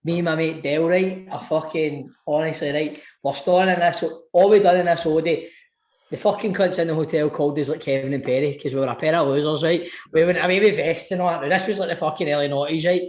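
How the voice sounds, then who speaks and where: Sweary Scottish man, high voice. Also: steady tone, fast talker, darkish tone, reverberant. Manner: sweary, laughing storyteller. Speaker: podcast co-host. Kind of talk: casual storytelling chat.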